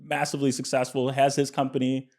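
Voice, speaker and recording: Male guest, conversational, animated anecdotes, mid-range voice. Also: mid-range voice, quick pace. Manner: animated storyteller, acts out quotes; frequent fillers and restarts. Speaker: podcast guest, entrepreneur. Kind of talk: casual interview chat.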